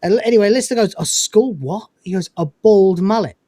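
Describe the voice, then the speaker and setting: A man with a high voice talks fairly quickly on a dry recording with no echo. He hosts a casual review podcast, recapping episodes as an animated storyteller who retells scenes and performs the characters' quoted lines.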